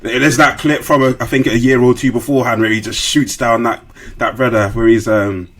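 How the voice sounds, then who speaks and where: Man, podcast host, casual chat, slang and fillers, mid-pitched voice. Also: brisk. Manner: relaxed, full of fillers and slang, hesitant restarts.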